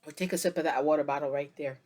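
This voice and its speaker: A woman's voice: deep voice, very fast, a little mellow. A tired woman giving a casual tarot reading to camera, chatty and meandering, with many fillers and yawns. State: tired, yawning. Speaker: tarot reader.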